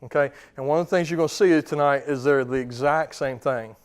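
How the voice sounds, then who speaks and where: A man in his thirties gives a relaxed training seminar in a slightly high voice. He chats more than lectures, restarts sentences and tosses questions to the room. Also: a little fast, clear, resonant tone. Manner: casual, quizzes the audience, many fillers and restarts. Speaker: dog trainer. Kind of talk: seminar talk to clients.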